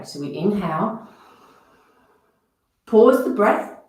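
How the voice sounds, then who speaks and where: An unhurried, expressive woman with a slightly high voice leads a guided class in movement and breathing. She calls out and counts each movement and breath cue in an instructive way. The capture is distant and off-mic, in a very echoey room.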